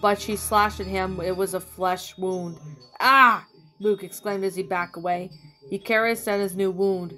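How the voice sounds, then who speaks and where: A woman reads a fan story aloud in a mid-pitched, plain narrating voice. She trips over a word now and then, and faint background music plays. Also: flat delivery, normal speed. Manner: plain reading with small slips. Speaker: story reader. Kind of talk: reading fan fiction aloud.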